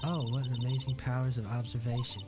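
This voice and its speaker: A man's voice: medium pitch, little pitch movement, a little fast, natural voice. A man playing a snide young woman witness with a put-on Southern lilt. She mocks and teases sweetly, refusing to help, with game music playing behind her. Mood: mocking. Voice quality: mocking, sarcastic.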